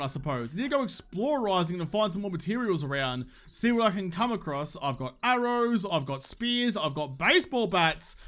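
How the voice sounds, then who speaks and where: A young man with an Australian accent narrating his game session in loose, joking commentary. His voice sits high and rings bright, and he swears and bickers with the game as he plays. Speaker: gaming YouTuber. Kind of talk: casual let's-play commentary.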